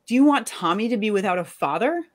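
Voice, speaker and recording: A woman's voice: medium pitch, expressive, fast talker, lightly acted. A woman in a live reading, voicing an angry, sarcastic wife and mother scolding her husband. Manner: sharp, sarcastic.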